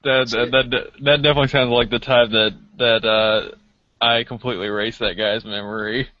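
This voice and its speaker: A man's voice: medium pitch, level tone, a little fast, no room sound. A man guest player chatting casually, hesitant and repeating words. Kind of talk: casual chat. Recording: dull lo-fi dry podcast audio.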